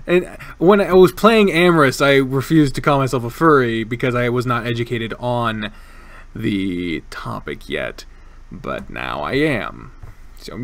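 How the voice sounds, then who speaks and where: A man's voice: medium pitch, fairly bright tone. A man streaming a game, chatting casually and reading its lines aloud, joking, laughing often and swearing now and then. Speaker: let's play streamer. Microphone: desk microphone, wearing one earbud.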